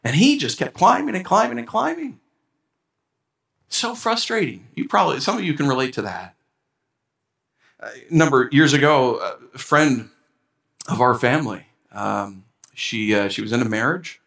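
A man preaching a sermon as a pastor, animated and acting out complaints to God with a rising voice. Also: mid-range voice, moderate pace, vocal fry, long pauses, reverberant.

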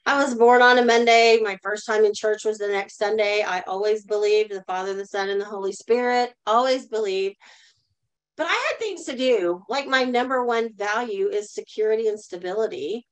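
A middle-aged woman with a clean, mid-range voice speaks at a moderate pace as a guest in a live online talk. She earnestly relates a personal story and prompts the audience to reply in the chat, though the recording is rough.

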